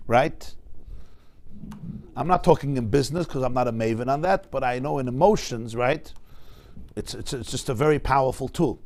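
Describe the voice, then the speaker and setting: A man teaching a Talmud class. He swings between loud emphatic bursts and quiet asides, and asks the class rhetorical questions. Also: medium pitch.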